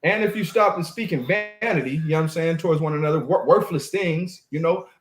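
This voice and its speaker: A man's voice: fairly high pitch, a little fast. A man leading a casual Bible discussion, emphatic and preachy, who keeps adding "man" to his phrases. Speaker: Bible study leader. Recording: echoey room.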